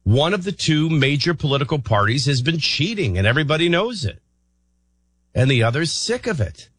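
A male talk radio host with a husky voice that swings up and down a lot. He rambles and thinks out loud, often restarting his sentences. The studio sound is dry and close. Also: fairly high pitch, sing-song, fairly quick, no room sound. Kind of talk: morning talk radio commentary.

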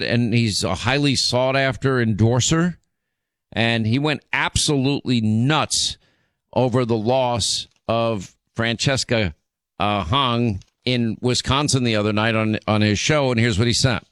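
A man's voice: medium pitch, measured pace, fairly bright tone, clear, resonant tone, no echo. A man hosting a radio and podcast show, talking in an indignant, emphatic way with many restarts. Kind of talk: talk radio commentary. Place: radio studio.

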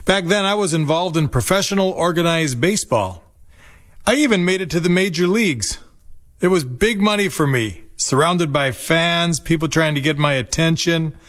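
A man's voice: a little high, normal speed, a bit bright. A man in his fifties from Minnesota, reading a nostalgic personal story in a reflective manner. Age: 50s. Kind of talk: scripted personal narration.

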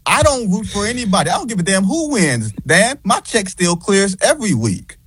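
A man's voice: high-pitched, very animated, normal speed, a bit bright, husky. A man who writes about basketball, a guest on a radio interview, talking in a sarcastic and emphatic way. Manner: sarcastic, emphatic, talks back.

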